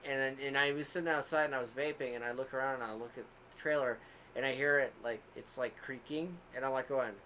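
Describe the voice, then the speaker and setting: Telling a long, rambling story full of laughs and asides, this male co-host of a casual podcast describes himself as the quieter one. He speaks quickly in a mid-range voice with a steady tone, with slight background noise.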